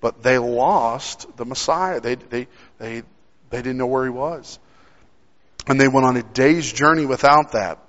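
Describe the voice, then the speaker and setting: In a church sanctuary, a young man with a medium-pitched, slightly bright voice preaches a sermon at an unhurried pace. He tells a personal story conversationally, often restarting sentences, and the recording sounds dull with a long hall reverb.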